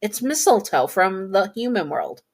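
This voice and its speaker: An eager, affectionate sweetheart , read by a woman in a fan fiction reading. The voice coaxes sweetly, a little higher than her usual talk. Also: big pitch swings, measured pace. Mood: coaxing.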